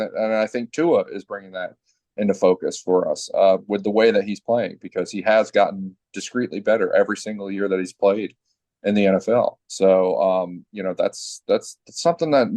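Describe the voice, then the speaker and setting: A man's voice: deep voice, a little mellow, no room sound. A man hosting a sports podcast in casual chat, talking in long rambling runs full of fillers and restarts. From New England family.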